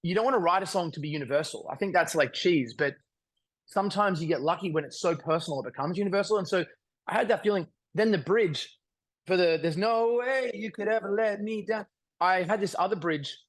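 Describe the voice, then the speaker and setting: Earnest Australian man, higher voice. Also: quick pace. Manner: rambling, earnest, full of fillers and restarts. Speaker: singer-songwriter guest. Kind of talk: casual interview chat.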